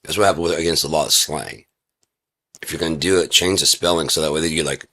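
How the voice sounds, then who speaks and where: A man's voice: low voice, normal speed, a bit bright. A man talking casually and profanely on his own indoors, rambling through a rant in a lecturing way. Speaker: vlogger. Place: indoor room with a heater.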